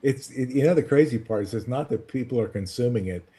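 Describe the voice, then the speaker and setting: A man's voice: medium pitch, fast, warm tone. An older man in a casual chat, cracking crude jokes and laughing at his own punchlines.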